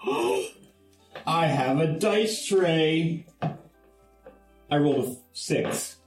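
A man chatting casually at a tabletop game in an excitable way. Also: on the high side, very slow, recorded from a distance, soft background music. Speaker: player. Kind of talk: casual chat. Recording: echoey room, off mic.

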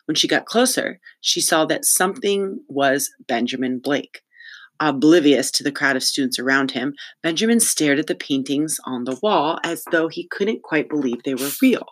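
An audiobook narrator reading a chapter aloud in a steady, even storytelling voice. The pitch sits in a middle range. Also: moderate pace. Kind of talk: scripted narration.

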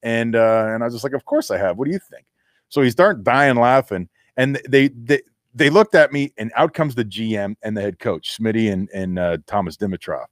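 A man's voice: mid-range voice, moderate pace, dry recording, studio quality. A middle-aged man, a former football player, telling a story in a casual interview and acting out the voices he quotes.

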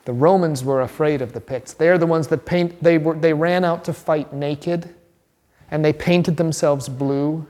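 A man, a pastor, teaching a catechism class in a lively, chatty way and asking the group questions. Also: on the high side, unhurried, in a large hall.

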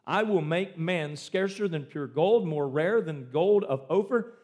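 A man preaching a sermon with emphatic delivery and dramatic swings in pace and loudness. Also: fairly high pitch, measured pace. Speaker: pastor.

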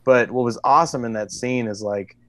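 A mid-pitched man gets excited while retelling film scenes on a podcast, joking as he goes. His voice sits close and dry. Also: brisk, dry recording. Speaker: podcast co-host. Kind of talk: casual movie review chat.

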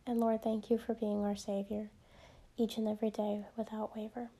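A woman with a light Midwestern accent speaking a quiet, gentle prayer, unhurried and hushed. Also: mid-range voice, completely flat delivery, vocal fry. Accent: Midwestern American. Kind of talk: soft spoken prayer.

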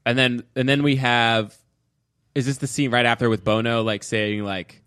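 A man's voice: mid-range voice, flat delivery, normal speed, fairly bright tone, clear, resonant tone, no room sound. Podcast guy walking through movie scenes, middle voice, dry close mic. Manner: retells scenes, acting out the characters' lines. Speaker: podcast co-host. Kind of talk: casual film discussion.

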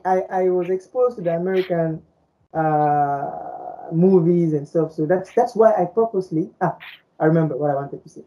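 Soft-toned rambling woman, native Fulani. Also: deep voice, rough recording. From French-speaking Africa. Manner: rambling, many repeated words and fillers. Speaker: podcast co-host. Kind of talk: casual chat.

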